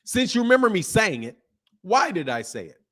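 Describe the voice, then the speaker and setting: Casting note: slangy, emphatic male stream host, slightly higher-pitched, laughing and riffing loosely. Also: sing-song, a little fast, fairly bright tone. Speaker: boxing channel host. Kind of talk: casual live-stream chat reading viewer comments.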